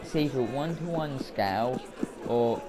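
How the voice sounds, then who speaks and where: Slow, rambling man commenting on a game. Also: mid-range voice, over music. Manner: rambling, hesitant, lots of filler words. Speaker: let's play commentator. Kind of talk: casual gameplay commentary. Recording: game audio noise behind voice.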